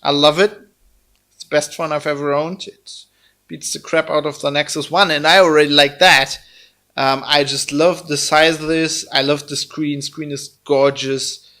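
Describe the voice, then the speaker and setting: A man's voice: a little high, flat delivery, normal speed, sharp tone. A man with a German accent giving a casual, blunt phone review, chatty and full of fillers and restarts. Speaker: tech reviewer.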